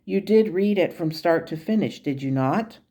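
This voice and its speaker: A woman voicing a calm, patient male spirit guide who speaks in a measured, gently instructive way. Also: on the low side.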